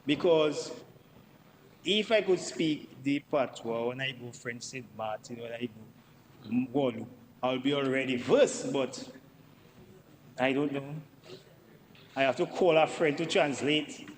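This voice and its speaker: A man's voice: mid-range voice, slow pace, long pauses, in a large hall, slight background noise, poor audio. Emphatic Dominican man in parliament. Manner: emphatic, repeats himself for stress. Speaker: member of parliament. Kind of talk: parliamentary debate speech. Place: parliament chamber.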